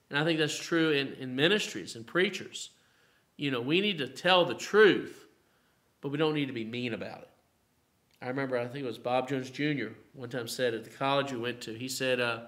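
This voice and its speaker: Bright-voiced Southern pastor teaching. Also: male voice, mid-range voice. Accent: Appalachian Southern American. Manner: conversational, frequent "you know" fillers, rises to emphatic declarations. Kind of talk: mid-week Bible study teaching.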